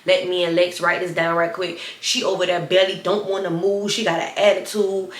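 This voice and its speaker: Young woman, slight lisp, lowish voice, casual storyteller, echoey room. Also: fairly quick. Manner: animated, chatty, addresses viewers as y'all. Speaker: storyteller vlogger.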